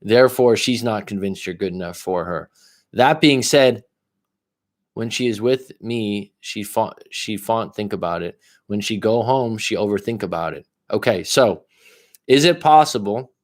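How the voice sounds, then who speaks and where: A man giving casual coaching advice on a livestream, blunt and profane. He speaks straight to one viewer, swinging between loud emphasis and low asides. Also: lively intonation, unhurried. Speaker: life coach.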